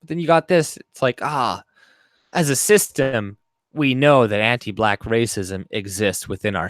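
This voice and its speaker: A man's voice: lowish voice, no room sound, studio quality. A man hosting a casual livestream, ranting in a profane, mocking and heated way. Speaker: livestream host.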